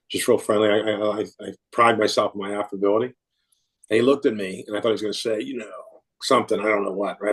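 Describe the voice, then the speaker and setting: A man's voice: medium pitch, slightly rough. A middle-aged American man telling a story in a casual interview, chuckling often and restarting his sentences. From United States. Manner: warm anecdotal, laughs often, many restarts. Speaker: podcast guest.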